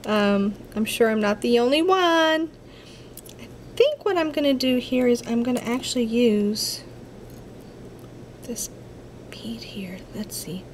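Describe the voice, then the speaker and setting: A woman's voice: on the high side, expressive, a little slow, long pauses, a little hiss or hum. A woman giving a casual crafting tutorial, chatty and a little apologetic, talking to herself as she works at her craft table.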